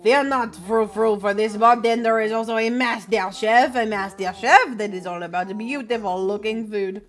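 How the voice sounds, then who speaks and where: A woman voicing a brash, boastful bartender and master chef who talks slowly and loudly, as if announcing. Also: mid-range voice, level tone, lightly acted. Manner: slow, loud, showy announcing.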